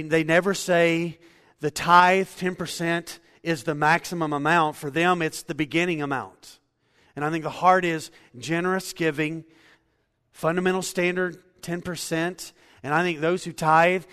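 A man preaching a sermon, telling a story in a lively way and building to loud, emphatic points. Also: fairly high pitch, in a large hall. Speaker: pastor.

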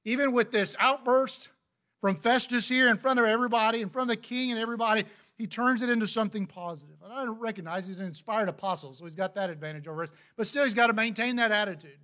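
A high-pitched man delivers a sermon in an earnest, conversational way. He reads scripture aloud between his own points. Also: fast, bright, forceful tone. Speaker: preacher.

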